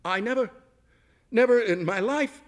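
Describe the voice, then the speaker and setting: A man putting on a shrill, overwrought woman. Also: lively intonation, fairly bright tone, full character voice. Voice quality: toneless and shrill. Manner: overwrought, halting, pleading. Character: agitated shrill woman diner.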